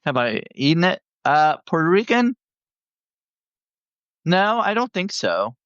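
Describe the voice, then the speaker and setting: A man's voice: a little high, sing-song, slow pace, a bit bright, clean tone, dry recording. A man hosting a casual live chat, giving short, laid-back replies. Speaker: host. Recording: dull, lo-fi live stream audio.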